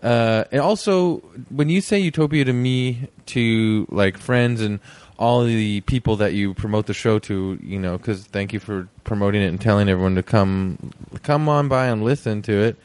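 A man's voice: lowish voice, moderate pace, hardly any pauses, darkish tone, clear, resonant tone, no room sound. A young man hosting a podcast, rambling and joking through a casual intro. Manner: rambling, self-deprecating, jokey. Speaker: podcast host.

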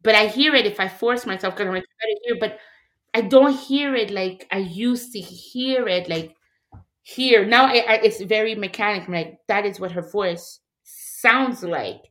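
A woman's voice: medium pitch, moderate pace, fairly bright tone. A woman in a candid, casual conversation, talking in an emotional, reflective way with many fillers.

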